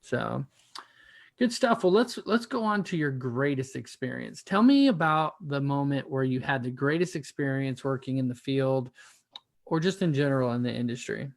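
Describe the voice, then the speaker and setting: A man's voice: medium pitch, expressive, moderate pace, vocal fry, no echo, studio quality. A male podcast host interviewing a guest, rambling and encouraging with frequent restarts. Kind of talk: casual interview hosting.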